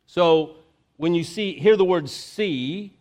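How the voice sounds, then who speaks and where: Pastor, man, middle-aged, relaxed sermon delivery with frequent fillers; clear, slightly high voice. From Florida. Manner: halting, many fillers and restarts. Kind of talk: conversational sermon.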